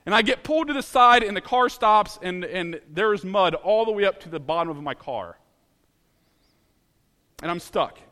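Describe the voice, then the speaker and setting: A man from Ohio telling a personal story in an animated, dramatic way, laughing at himself as he goes. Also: high voice, moderate pace, long reverb tail.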